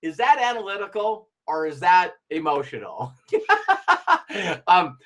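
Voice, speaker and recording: A man's voice: high voice, big pitch swings, a little slow, pauses often, a bit bright. A middle-aged man giving a motivational talk, acting out little dialogues and laughing as he goes. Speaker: motivational speaker.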